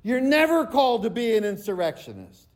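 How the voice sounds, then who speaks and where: High-voiced pastor preaching slowly. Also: male voice, big pitch swings. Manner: preaching, quotes scripture at length with slow emphatic phrases. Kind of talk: sermon.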